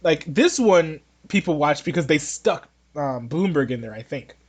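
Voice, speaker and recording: A man's voice: on the high side, expressive, normal speed. A man hosting a podcast, giving casual political opinions in a rambling, joking way with many restarts. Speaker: podcast host.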